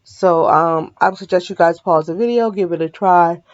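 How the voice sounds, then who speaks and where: In a muffled recording, a lowish-voiced woman speaking at normal speed teaches a math lesson in a drowsy, relaxed manner, yawning along the way. She frequently stops to say sorry and fix her mistakes.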